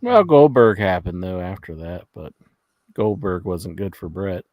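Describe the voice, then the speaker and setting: A man's voice: low voice, lively intonation, unhurried, no room sound, lo-fi sound. A man guest chatting casually, chiming in with short questions and asides. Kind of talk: casual chat.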